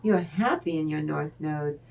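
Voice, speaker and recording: A woman giving a tarot reading, talking straight to the listener in an encouraging, unhurried way and laughing often. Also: sits low, vocal fry, a little mellow. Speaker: tarot reader. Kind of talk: tarot card reading to the viewer.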